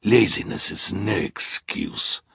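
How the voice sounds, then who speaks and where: A man's voice: fairly low pitch, takes it slowly, creaky, fairly bright tone, husky, dry recording, clean studio sound, heavily acted. A male audiobook narrator voicing a boastful, scheming villainous man who growls and sneers. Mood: sneering. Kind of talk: audiobook character voice.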